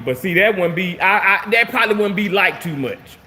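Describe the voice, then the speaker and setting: A man casually venting to his viewers, animated and swearing freely, repeating himself for emphasis. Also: high-pitched, brisk, few pauses, in a large hall. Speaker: vlogger reading live chat.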